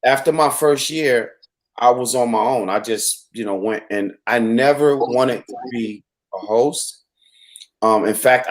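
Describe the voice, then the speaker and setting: A man hosts a casual conversation, reflective and earnest. He often restarts his sentences as he gathers his thoughts. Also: medium pitch. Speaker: host and venue owner. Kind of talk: casual chat.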